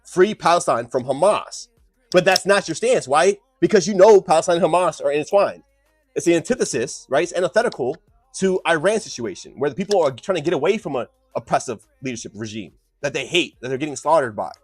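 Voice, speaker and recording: A man debating his chat on a live stream, lecturing and combative, swinging from loud outbursts to muttered asides. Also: a little high, animated, fairly quick, breathy edge, dry recording.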